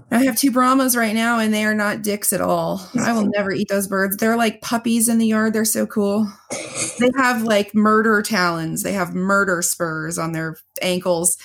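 A woman co-hosting a podcast, telling blunt, profane stories in casual chat and often laughing. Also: medium pitch. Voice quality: gravelly, husky. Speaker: podcast co-host.

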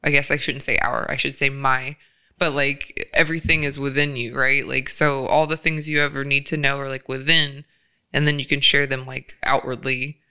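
A man's voice: medium pitch, little pitch movement, normal speed, pushed and bright, clean tone. A man in casual, reflective podcast conversation, laughing often and using many fillers. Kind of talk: casual chat.

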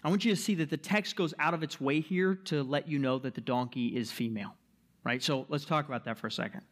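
High-voiced emphatic male pastor preaching. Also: quick pace. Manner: emphatic, asks the listeners rhetorical questions; checks in with "right?" and "okay?". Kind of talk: sermon.

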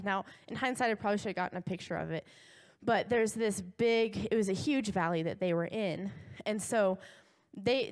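A young woman preaching to a congregation, retelling a story in a casual, animated way full of asides and quick laughs. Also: medium pitch.

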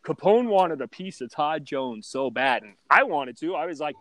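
A man telling loud, profane stories in a casual podcast chat. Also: fairly high pitch, normal speed, few pauses. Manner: loud, profane, animated storyteller. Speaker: guest storyteller.

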